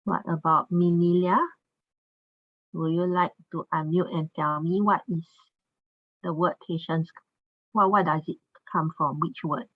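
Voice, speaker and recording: A woman's voice: fairly low pitch, fairly even intonation, a little slow, pauses often, no room sound. A woman teaching an online English class, patient and encouraging, often saying "okay" between phrases, heard over a video call. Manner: patient, says "okay" a lot. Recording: dull lo-fi video call audio.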